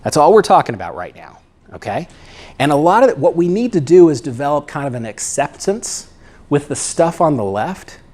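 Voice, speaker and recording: A man's voice: fairly high pitch, big pitch swings, normal speed, a little mellow. A middle-aged man, a psychologist, giving a conversational lecture and often checking in with "right?" and "okay?". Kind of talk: lecture talk.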